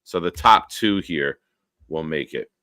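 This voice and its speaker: A man hosting a casual livestream chat, telling rambling, excitable stories. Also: extremely low pitch, measured pace, no echo. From Northeastern US. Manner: rambling, excitable storyteller who swears casually. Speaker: host.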